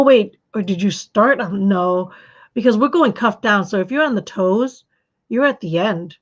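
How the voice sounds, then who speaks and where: A woman's voice: medium pitch, muffled recording. A woman hosting a casual knitting live stream, chatting in a rambling, friendly way and answering viewers as she shows her supplies. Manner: rambling, chatty, with frequent restarts and laughs. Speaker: knitting podcast host.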